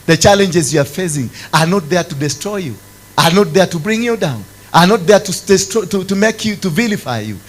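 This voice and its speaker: A man preaching a sermon, swinging from loud exclamations to low, intense tones. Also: expressive, fairly quick, low-quality recording. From Kenya. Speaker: apostle preaching.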